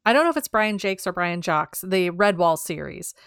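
A woman's voice: lowish voice, animated, brisk, a bit bright, clean tone, dry recording, studio quality. A woman co-hosting a podcast, chatting casually about writing, laughing often as she goes over text. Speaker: podcast co-host.

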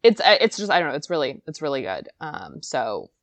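Lively, low-voiced woman co-host. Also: brisk, no room sound. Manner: animated, giggly, chatty. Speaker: podcast co-host. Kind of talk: casual chat.

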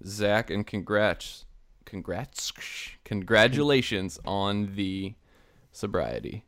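A man co-hosting a podcast in loose, animated chat, laughing often and mimicking voices. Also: fairly low pitch, slow pace, no echo, studio quality. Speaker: podcast co-host. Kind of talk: casual chat.

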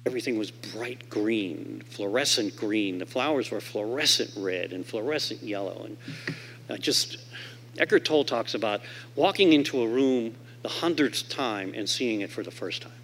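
A man's voice: moderate pace, a little hiss or hum. A man speaking at a convention stage mic, telling his recovery story to the audience and acting out the voices of the people in it. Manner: animated storyteller who acts out quoted voices; swings from loud and emphatic to low and quiet.

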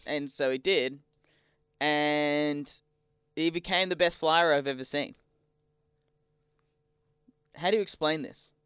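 A man's voice: a little high, steady tone, slow pace, pauses often, bright, forceful tone, clean tone, no room sound, studio quality. A man, co-hosting a casual comedic chat, laughing often and acting out voices as he tells stories. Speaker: podcast co-host.

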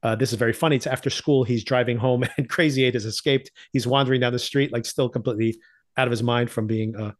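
A man with a middle-pitched voice talks through a TV season in loose, casual chat. He laughs often and slips into the characters' lines as he tells the story. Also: fast talker. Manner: animated storyteller, laughs often, acts out quotes. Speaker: podcast host.

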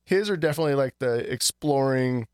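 A man's voice: medium pitch, a little fast, darkish tone, clear, resonant tone, no echo, studio quality. A man co-hosting a podcast in loose, rambling casual chat, swearing freely. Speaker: podcast co-host.

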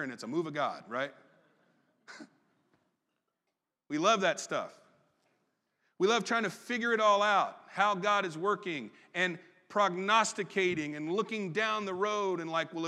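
A man preaching a sermon as pastor, folksy and conversational with quick asides. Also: sits high, pushed and bright. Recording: long reverb in a large hall.

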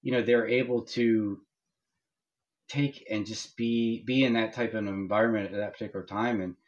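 A man's voice: fairly low pitch, fairly even intonation, moderate pace, muffled recording. A man co-hosting a podcast in casual chat, rambling and hesitant with many restarts. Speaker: podcast co-host.

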